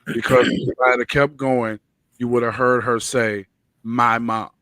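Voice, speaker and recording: A man hosting a talk show, speaking slowly and personally in a soft, reflective way. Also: medium pitch, little pitch movement, dry recording. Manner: slow and personal, soft-spoken with gentle laughs. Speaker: show host.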